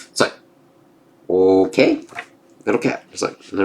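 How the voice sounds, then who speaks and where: A man's voice: low-pitched, wildly swooping pitch, measured pace, gravelly, long pauses, a little mellow. A man reviewing a comic in a loose, casual way, swearing and saying "uh" and "it's like" often. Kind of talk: casual spoken review, reading aloud.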